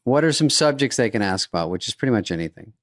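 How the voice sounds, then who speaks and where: Low-voiced older male podcast co-host. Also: animated, quick pace, dry recording, studio quality. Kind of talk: casual chat.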